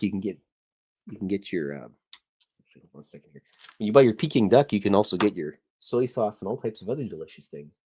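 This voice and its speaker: Deep-voiced man rambling while he draws. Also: a little mellow, slight background noise. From Canada. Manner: joking, self-deprecating, meandering. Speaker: podcast host and cartoonist. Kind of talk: casual rambling chat while drawing.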